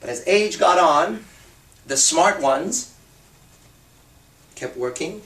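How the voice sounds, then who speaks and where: A man giving a blunt, profane and animated seminar talk as a dating and confidence coach. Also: a little high, takes it slowly, echoey room, recorded from a distance. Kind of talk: seminar talk to a live group.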